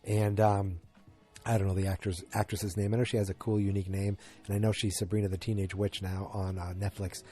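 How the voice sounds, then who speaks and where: A man's voice: on the low side, little pitch movement, fairly quick, dark tone, faint music behind. A man hosting a podcast, chatting through an episode recap in a rambling way that flares into exasperation. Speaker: podcast host.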